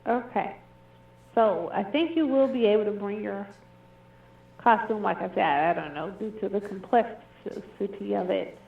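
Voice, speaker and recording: A woman's voice: mid-range voice, measured pace, vocal fry. A woman working as a cruise booking agent, polite and businesslike on a customer service call. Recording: tinny echoey phone line.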